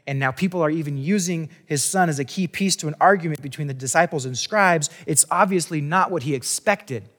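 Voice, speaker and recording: Man, pastor, casual chatty sermon, fairly high voice, long hall reverb. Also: a little fast, hardly any pauses, fairly bright tone. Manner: casual and chatty, with frequent restarts and asides. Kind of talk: conversational sermon.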